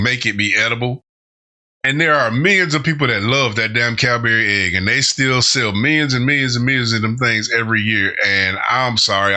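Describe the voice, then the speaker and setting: A man's voice: lowish voice, bright, forceful tone. A man hosting a reaction channel, giving casual commentary and going off on rambling tangents with frequent laughter.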